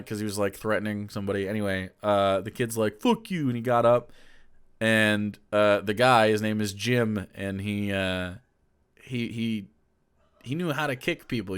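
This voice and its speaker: A man's voice: medium pitch, fairly bright tone, smooth. A man streaming live and telling rambling, profane stories, laughing often as he talks. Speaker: streamer reacting to a clip. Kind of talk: casual livestream storytelling.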